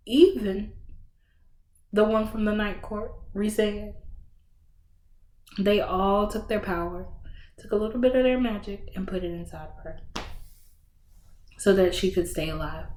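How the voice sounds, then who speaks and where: A woman hosting a book podcast, casually retelling a story with slangy, animated bursts and acted-out reactions. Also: mid-range voice. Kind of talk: casual book review chat. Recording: roomy echo.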